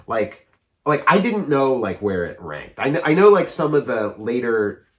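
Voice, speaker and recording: A man's voice: mid-range voice, sing-song, moderate pace. A man in his forties co-hosting a podcast, chatting casually about films in a rambling, eager way full of fillers and restarts. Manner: eager, often laughing. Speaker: podcast co-host.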